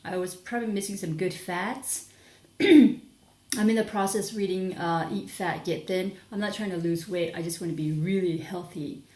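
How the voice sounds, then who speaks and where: A woman's voice: lowish voice, normal speed, warm tone, reverberant. A young adult woman chatting casually in a rambling product review vlog, sleepy and full of fillers and restarts. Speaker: vlogger.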